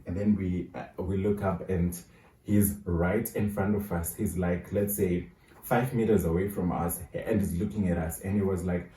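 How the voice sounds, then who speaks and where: A young man telling a high school story casually, restarting and correcting himself as he goes. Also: steady tone, measured pace, dark tone, slight background noise. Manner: rambling, self-correcting storytelling. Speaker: vlogger. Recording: roomy echo, mic at a distance.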